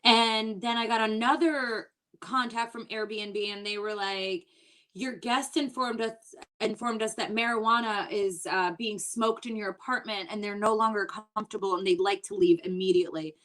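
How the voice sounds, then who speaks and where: A woman's voice: mid-range voice, steady tone, normal speed, fairly bright tone. A woman comedian doing a stand-up set from home, telling exasperated stories and quoting people. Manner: chatty, exasperated storytelling with quoted voices. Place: at home, online show.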